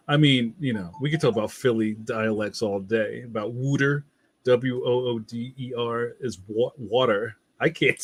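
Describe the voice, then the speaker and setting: A man's voice: mid-range voice, husky. A man hosting a casual livestream, reading viewer comments aloud in a playful, slangy way and laughing often. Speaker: livestream host.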